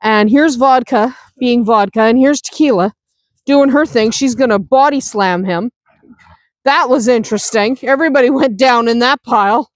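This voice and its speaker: A woman's voice: on the high side, normal speed, no room sound. A woman chatting through a casual farm vlog, outdoors on a windy farm, often laughing and talking to her animals. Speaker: homestead vlogger.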